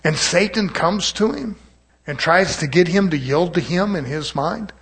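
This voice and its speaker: A man preaching a folksy sermon to his congregation, acting out doubters in quick asides. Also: high-pitched, expressive, fairly bright tone, breathy edge. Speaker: pastor.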